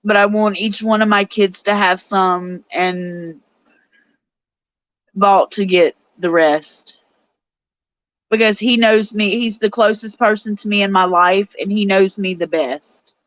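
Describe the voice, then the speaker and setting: A woman in her forties with a drawl hosts a casual live stream, reading viewers' messages and talking to them directly. She gets easily emotional and tearful, and her voice is mid-pitched. The sound is dry and a bit dull, like a lo-fi home setup. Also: fairly even intonation, slow pace, fairly bright tone, dry recording. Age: 40s. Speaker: show host reading live chat.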